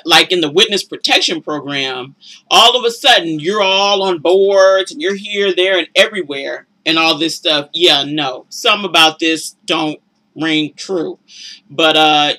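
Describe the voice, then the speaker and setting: A woman's voice: low-pitched, pushed and bright. A woman giving a casual, opinionated recap of a reality show, chatty and judgmental, tacking "you know, and stuff" onto her sentences. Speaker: reality TV commentator.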